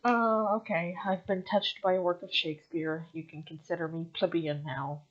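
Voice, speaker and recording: Husky-voiced woman reading sonnets wryly. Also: on the low side, fairly even intonation, normal speed. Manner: wry and self-mocking, laughs at herself. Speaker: vlogger. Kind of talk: reading sonnets aloud with casual commentary. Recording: dull lo-fi home recording.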